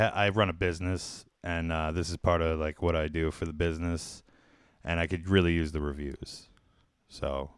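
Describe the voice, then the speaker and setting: Man, low voice, deadpan, hesitant, smooth, dry sound. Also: dry recording. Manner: deadpan and hesitant, many fillers. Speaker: prank call host.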